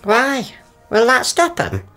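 An actress playing a brisk, practical working-class mother. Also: on the high side, huge pitch swings, sharp tone, soft background music, full character voice. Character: busy northern English working-class mother.

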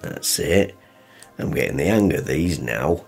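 A gruff northern dad, deep and slow. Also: male voice, animated, music in the background, heavily acted. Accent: northern English. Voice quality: blunt, grumbling, dry teasing. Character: gruff sarcastic northern working-class dad. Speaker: father.

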